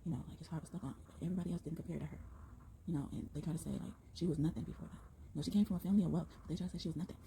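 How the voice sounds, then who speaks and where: A young woman with a fairly low voice runs through a tarot reading at a rapid clip, gushing and rambling with frequent exclamations and casual slang. Clear background noise runs under her voice throughout the recording. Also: steady tone, dark tone, low-quality recording. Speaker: tarot reader.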